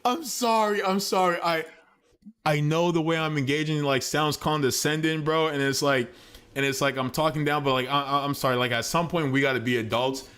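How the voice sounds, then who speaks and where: A man's voice: a little high, steady tone, brisk, a bit bright, clean tone. Slangy streamer man, blunt and repetitive. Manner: slangy, repeats himself, apologetic yet blunt. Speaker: streamer reacting to a clip. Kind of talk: casual live-stream commentary.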